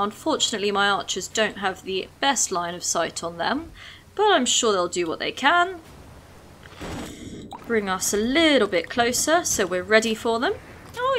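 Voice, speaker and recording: A woman giving casual gameplay commentary, chatty and excitable, talking fondly to her units as she plays. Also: medium pitch, normal speed, a little hiss or hum.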